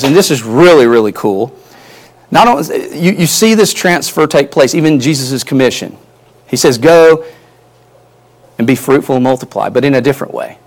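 A male pastor preaching a sermon earnestly, his emphasis rising and falling, often repeating words as he builds a point. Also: fairly high pitch.

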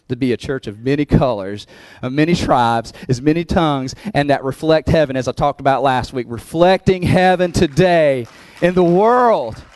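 A pastor preaches to his church in a mid-range voice, recorded without echo. The sermon feels like conversation, broken by laughter between points, and it swells into emphatic peaks.

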